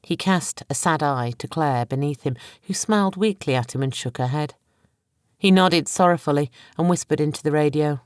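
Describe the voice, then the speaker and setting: A woman narrating an audiobook in a dramatic, measured storytelling manner. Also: sits low, darkish tone, no room sound, clean studio sound. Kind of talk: scripted narration.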